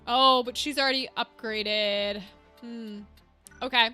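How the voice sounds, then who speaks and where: A woman streaming a game, chatting casually and thinking out loud as she sorts out gear. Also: a little high, steady tone, takes it slowly, clear, resonant tone. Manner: chatty, thinks aloud, easily amused. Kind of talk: casual gameplay chat. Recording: game music underneath.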